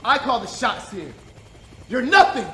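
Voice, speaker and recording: A menacing, hard-bitten soldier, as played by a man, barks and taunts his prisoner. His voice sits very high and swings widely, delivered slowly and heavily. It rings in an echoey room. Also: big pitch swings, a little hiss or hum, heavily acted. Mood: shouting. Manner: threatening, shouting in bursts, mocking laughs. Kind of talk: indie film drama.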